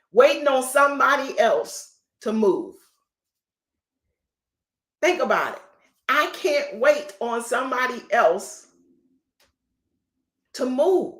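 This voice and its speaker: A woman's voice: high-pitched, fairly bright tone. A middle-aged woman real estate coach giving an emphatic, preachy motivational talk on a live stream. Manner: emphatic, repetitive, preachy, folksy. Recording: echoey room.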